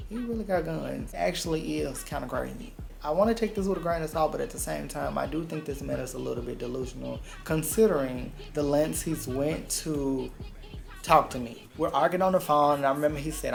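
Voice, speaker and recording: Gravelly-voiced man. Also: a little high, brisk, soft background music. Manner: blunt, profane, dramatic retelling. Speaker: vlogger. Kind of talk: casual storytime vlog.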